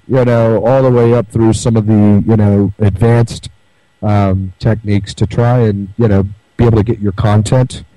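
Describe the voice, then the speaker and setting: A man's voice: lowish voice, dark tone, dry recording, low-quality recording. A man hosting a talk radio show, chatting casually and rambling with many fillers and restarts. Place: remote broadcast from home.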